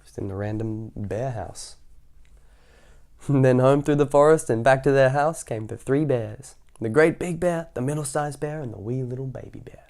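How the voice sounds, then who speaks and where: A man's voice: mid-range voice, normal speed, darkish tone. A man reading a children's picture book aloud, in a playful way with chatty asides between passages. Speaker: children's story reader.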